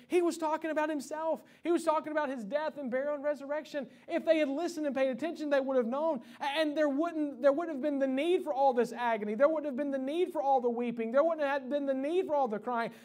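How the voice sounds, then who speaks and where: Young pastor with a high voice, passionate sermon delivery, restarts often. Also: male voice, fast talker, hardly any pauses. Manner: impassioned preaching with many restarts. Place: church sanctuary.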